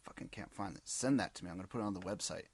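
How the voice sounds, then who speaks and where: A man's voice: deep voice, racing, husky. A man co-hosting a casual comedy chat, teasing and swearing freely. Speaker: podcast co-host.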